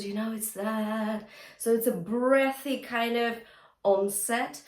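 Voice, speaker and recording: A female vocal coach gives a chatty, encouraging singing lesson, breaking into short sung demonstrations. Her mid-range voice is unhurried with a darkish tone, and the recording sounds roomy with faint guitar music.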